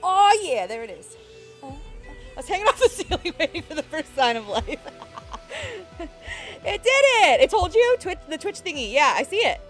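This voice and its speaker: A woman's voice: high voice, big pitch swings, moderate pace, faint music behind. A young woman streaming live, chatting casually and giggling as she greets her viewers.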